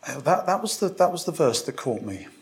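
A man's voice: on the high side, very animated, fairly quick. A man preaching a sermon, speaking conversationally to a congregation and reading scripture aloud with emphasis. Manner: conversational with restarts and direct questions to congregation.

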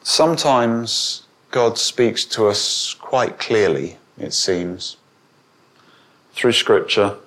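A man's voice: lively intonation, extremely slow, a bit bright. A man preaching a sermon to a congregation. He asks them questions and raises his voice when he quotes. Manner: rises in pitch and volume when quoting, asks the congregation questions.

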